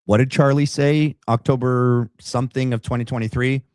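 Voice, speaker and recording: A man's voice: medium pitch, fairly even intonation, normal speed, hardly any pauses, darkish tone, smooth, no echo, clean studio sound. A man hosting a casual reaction commentary show, talking in a sarcastic, rambling, mocking way.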